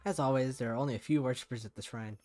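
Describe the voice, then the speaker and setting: A man's voice: mid-range voice, very fast, a little mellow. Man reading a visual novel aloud on stream, plain mid voice, loose and casual, a bit of music behind. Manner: casual reading with swearing asides.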